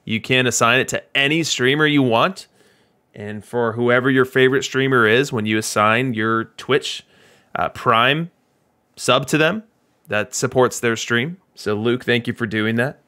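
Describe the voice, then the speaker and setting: Bright-toned male stream host. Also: medium pitch, measured pace. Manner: friendly, thanks viewers for subscriptions. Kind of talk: casual chat on a live stream.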